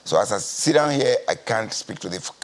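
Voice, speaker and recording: A Nigerian man speaking as a party spokesman in a news interview, measured and deliberate, often repeating his key phrases. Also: lowish voice, animated. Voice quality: gravelly, husky. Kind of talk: guarded TV news interview answers.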